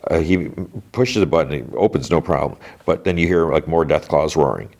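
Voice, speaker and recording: A man's voice: rumbling low, animated, a little fast, darkish tone. A man hosting a podcast, recapping a TV episode in a loose, rambling way full of "like" and restarts. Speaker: podcast host.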